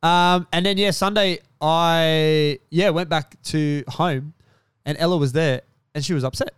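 Young aussie bloke ranting casually, smooth clear voice, dry close mic. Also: male voice, on the high side, unhurried, no room sound. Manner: swears a lot, animated storytelling. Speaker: podcast co-host. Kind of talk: casual chat.

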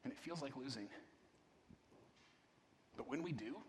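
Conversational pastor in an echoing hall. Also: male voice, mid-range voice, expressive, measured pace, slight background noise. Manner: conversational, repeats "right?", restarts words. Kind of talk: sermon. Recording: long reverb of a large hall.

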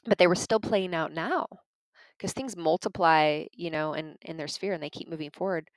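Speaking at a moderate pace in a low voice, a woman talks informally about parenting and feelings, sharing stories in an earnest, conversational way. She speaks straight to her audience, calling them "you guys." The audio is poor, though there's no echo.

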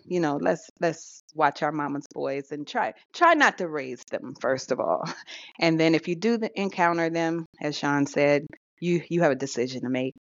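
A woman's voice: sits low, no echo. A woman co-hosting a podcast in casual chat, chatty and laughing often, with hesitant fillers. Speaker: podcast co-host. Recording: dull lo-fi recording.

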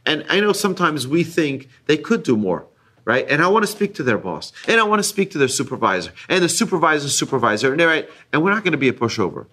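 A man giving an ethics class to a group, earnest and repetitive, his voice rising higher and louder whenever he stresses a point. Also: big pitch swings, fast talker. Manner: earnest, repeats key phrases, rises in pitch and volume when stressing a point. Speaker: religious teacher.

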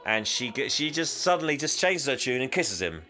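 A man casually recapping a film plot as a podcast co-host, animated and laughing often. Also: mid-range voice, fairly quick, faint music behind. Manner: animated, laughing, acts out quotes. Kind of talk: casual chat.

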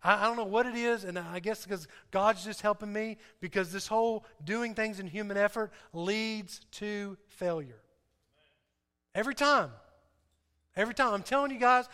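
A man's voice: sits high, moderate pace, pushed and bright. A man preaching a sermon, emphatic, asking his listeners questions and repeating key points. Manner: emphatic, asks the audience questions. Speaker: pastor. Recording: reverberant hall.

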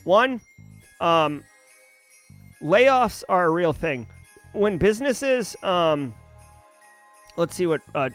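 A man's voice: high voice, big pitch swings, slow pace, pauses often, a bit bright, soft background music. A man hosting a livestream, reading news headlines and riffing on them in casual commentary, answering chat as he goes. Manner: chatty, reads headlines then riffs and answers chat. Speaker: livestream host.

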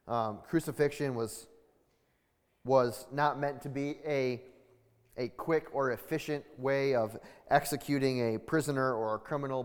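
A man preaching a sermon with deliberate, measured teaching and frequent restarts. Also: mid-range voice. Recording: long reverb of a large hall.

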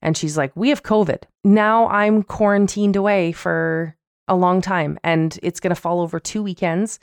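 Woman podcast co-host, low voice, dry sound, chatty and frank. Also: unhurried, clear, resonant tone, no echo. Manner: candid, animated storytelling with quoted voices. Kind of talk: casual chat.

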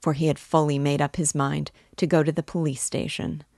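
A woman reading a classic novel aloud in measured, deliberate narration. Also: low-pitched, flat delivery, gravelly, a little mellow, no room sound, studio quality. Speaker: book reading guide. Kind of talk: audiobook-style literary reading.

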